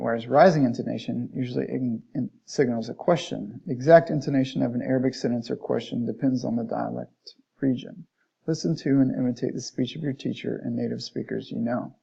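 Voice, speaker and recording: A man's voice: medium pitch, fairly even intonation, a little fast, creaky, dark tone, slightly rough. A man teaching an Arabic lesson, reading from a textbook, explaining it in plain words and modeling Arabic phrases. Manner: reads passages aloud, then restates them plainly, modeling Arabic phrases. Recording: dull lo-fi recording.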